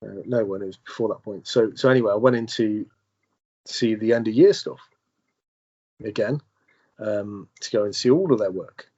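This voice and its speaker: A man, a podcast guest, telling a personal story in a halting way, with many restarts and repeated words. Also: on the low side, warm tone, lo-fi sound. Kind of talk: conversational storytelling.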